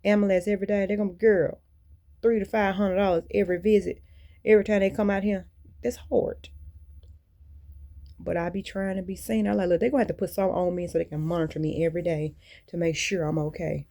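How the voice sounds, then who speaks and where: Vlogger, female, gravelly voice, rambling and blunt monologue to camera. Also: medium pitch, fairly even intonation, a little fast, warm tone. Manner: rambling, candid and venting; colloquial and blunt. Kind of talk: casual monologue to viewers.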